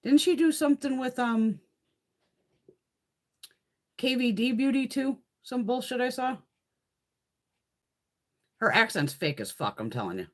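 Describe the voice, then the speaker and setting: A woman's voice: a little high, big pitch swings, measured pace, pauses often. A woman hosting a casual live makeup stream, chatting in a blunt, profane, ranting way as she swatches products. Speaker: beauty livestream host. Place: home, in Connecticut.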